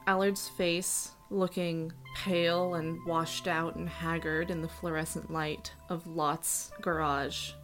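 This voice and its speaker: A woman's voice: lowish voice, little pitch movement, slow, hardly any pauses, a bit bright. A woman running a tabletop game as game master, narrating scenes in a casual, laid-back way. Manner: casual, laughs easily, vivid scene narration. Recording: roomy echo with faint music.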